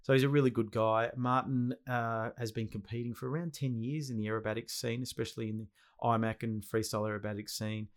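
A man's voice: medium pitch, flat delivery, fast talker. Enthusiastic Australian man hosting a podcast. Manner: enthusiastic, slangy, repeats himself. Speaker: podcast host. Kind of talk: casual podcast interview.

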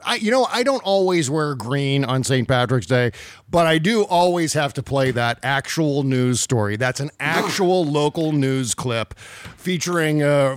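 A man hosting a casual political podcast, joking and animated with quick asides. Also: mid-range voice, dry recording. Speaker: podcast host.

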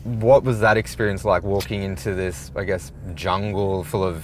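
A man's voice: deep voice, steady tone, moderate pace, a little hiss or hum. A man interviewing a guest, asking brief casual questions. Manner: brief questions and short backchannels. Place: inside a parked car.

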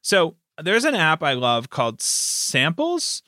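A man hosting a relaxed chat about running tabletop games, slightly higher-pitched than most men. His voice is bright and forward, and he wanders through his points with fillers and restarts. The recording is close and dry. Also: takes it slowly, dry recording. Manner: rambling, many fillers and restarts. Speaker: game master and podcast host. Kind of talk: casual chat.

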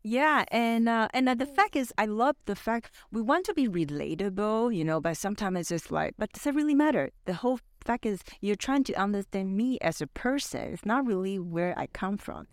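A woman guest on a podcast telling personal stories in a chatty way, full of "you know" and quick laughs. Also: mid-range voice, lively intonation, no room sound, clean studio sound. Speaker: podcast guest, business founder.

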